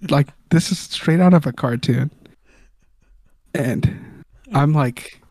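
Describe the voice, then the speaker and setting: A man's voice: a little high, slow pace, long pauses, darkish tone, no room sound. A young man from Southern California, co-hosting a casual podcast chat and telling stories in a laid-back, wry way. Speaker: podcast co-host.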